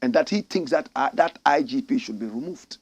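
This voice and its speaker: A man's voice: medium pitch, animated, fairly quick, slightly rough. A Ghanaian man giving impassioned political commentary, indignant and full of rhetorical questions, calling listeners his brothers and sisters.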